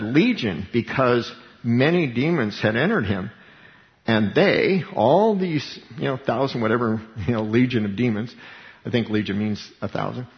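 A male pastor giving a casual, animated sermon, chuckling as he explains scripture. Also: lowish voice. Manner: animated, chuckling, conversational preaching. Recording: dull sound in a reverberant hall.

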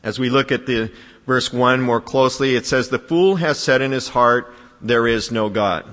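A man preaching a sermon in a conversational style, building to emphatic, higher-pitched peaks. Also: moderate pace, a bit bright, in a large hall. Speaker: pastor.

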